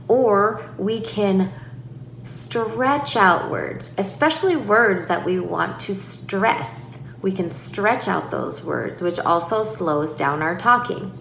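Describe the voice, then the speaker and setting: A woman teaches parents in a slow, measured voice, setting out each point clearly. She sounds like a speech therapist explaining a technique. The room has a noticeable echo, with a faint hiss behind her voice. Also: mid-range voice. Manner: calm, clear explaining with exaggerated demonstrations. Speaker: speech-language pathologist. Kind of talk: instructional talk for parents. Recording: echoey room with faint noise.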